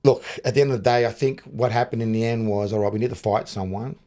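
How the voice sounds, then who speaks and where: A man's voice: medium pitch, fairly even intonation, fast talker, dark tone. A middle-aged man with an Australian accent, a boxing coach chatting in an interview, rambling and restarting his sentences. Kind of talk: casual interview chat.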